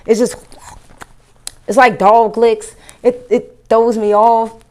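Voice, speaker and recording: A woman comedian doing a profane stand-up rant, animated and incredulous. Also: fairly high pitch, slow.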